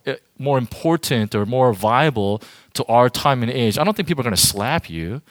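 A man's voice: mid-range voice, fairly bright tone, no room sound, clean studio sound. A man giving an informal sermon to a youth group as their pastor, talking directly and emphatically to the audience.

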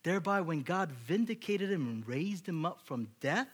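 A man preaching a sermon to his congregation, animated, asking rhetorical questions and building up to loud, excited peaks. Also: fairly high pitch, normal speed, slightly rough. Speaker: pastor.

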